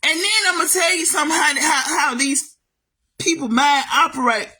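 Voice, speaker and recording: Fired-up woman ranting on camera about family, high bright voice, keeps calling the listener baby. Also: normal speed. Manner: heated, calls the listener baby, swings loud and high. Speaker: vlogger. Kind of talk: emotional family rant to camera.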